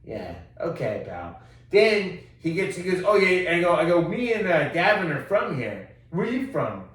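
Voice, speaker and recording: Profane, animated man in an echoey room. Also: high-pitched, moderate pace. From Texas. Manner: profane, animated storytelling, loud when quoting himself. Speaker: podcast co-host. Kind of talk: casual chat. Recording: roomy echo, distant mic.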